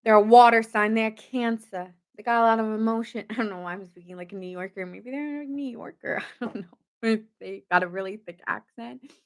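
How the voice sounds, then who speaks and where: A woman's voice: mid-range voice, little pitch movement, fairly quick, clear, resonant tone. Goofy, chatty woman tarot reader. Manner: goofy and chatty, jokes and giggles often. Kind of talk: casual late-night tarot reading.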